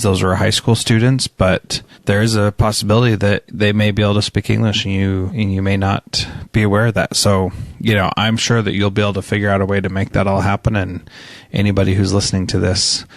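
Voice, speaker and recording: A man's voice: on the low side, flat delivery, fairly quick, gravelly, no room sound. A man hosting an interview podcast, talking in a friendly, encouraging way. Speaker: podcast host.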